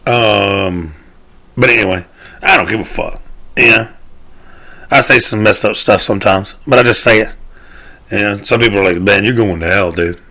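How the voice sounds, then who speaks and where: On his own show, a Southern US man rants casually, swearing and wandering, often dropping a thought and picking it back up. His lowish voice has a sharp tone, moving at normal speed with frequent pauses.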